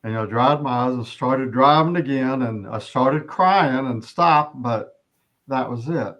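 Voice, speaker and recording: A middle-aged man giving an earnest personal testimony as an interview guest, often halting and restarting his sentences. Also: medium pitch, a bit bright, lo-fi sound.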